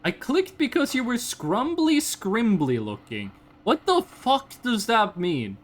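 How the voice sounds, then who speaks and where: A woman from Norway, chatting casually with her live-stream chat, blunt and animated, swearing freely. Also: a little high, slow. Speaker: VTuber streamer.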